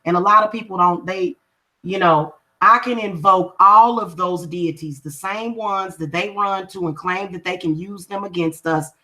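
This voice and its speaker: A woman's voice: mid-range voice, bright, forceful tone. Emphatic woman spiritual vlogger. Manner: emphatic, confrontational, repeats points for stress. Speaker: spiritual practitioner and reader. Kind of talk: casual livestream talk to viewers.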